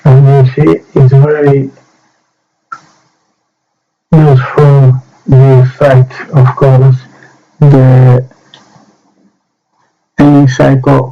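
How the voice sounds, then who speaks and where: A miniature painting hobbyist gives a slow, hands-on painting demo, speaking haltingly in short phrases broken by pauses. He's a slow-talking man with a medium-pitched voice. The lo-fi recording sounds dull, with soft music underneath.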